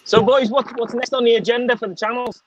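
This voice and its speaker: A man's voice: very high voice, fairly even intonation, quick pace, lo-fi sound, slight background noise. A man from Liverpool with a Liverpool accent, chatting casually with friends on a call, swearing constantly and laughing a lot. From Liverpool, England. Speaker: channel host. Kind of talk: casual chat on a video call.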